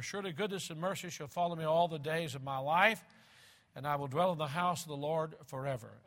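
Male preacher, sermon delivery; fairly high, bright and forceful tone, slow deliberate emphasis and repeated phrases. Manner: swings between loud and hushed.

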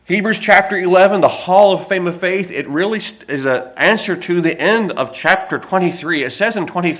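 A man preaching a sermon, slowing down to stress key phrases and dropping in folksy personal stories. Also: high voice, fairly bright tone. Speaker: pastor.

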